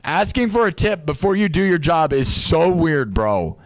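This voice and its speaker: A man ranting casually to his live-stream audience, joking around and acting out quick little exchanges in other voices. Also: fairly high pitch, very animated. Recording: music playing behind the voice.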